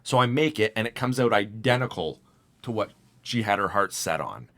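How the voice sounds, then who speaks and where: A young man co-hosting a casual podcast, telling a story in an animated way and mimicking the voices of the people in it. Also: lowish voice, moderate pace. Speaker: podcast co-host.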